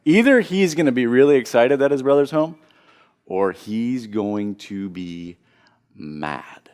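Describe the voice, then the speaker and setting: A man preaching a sermon as pastor, earnest, often repeating and restarting phrases as he builds to loud emphasis. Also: mid-range voice, lively intonation, slow, clean tone.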